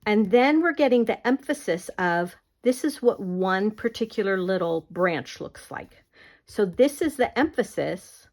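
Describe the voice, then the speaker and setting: A woman's voice: medium pitch, expressive, measured pace, a little mellow. A woman teaching an online art class in a casual, conversational way, often checking that the viewer follows. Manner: conversational, explaining with many fillers and checks.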